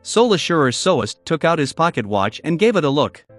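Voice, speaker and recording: Audiobook narrator, male, fairly high, very lively intonation. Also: normal speed, dry recording, faint music behind. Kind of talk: audiobook narration of a fantasy novel.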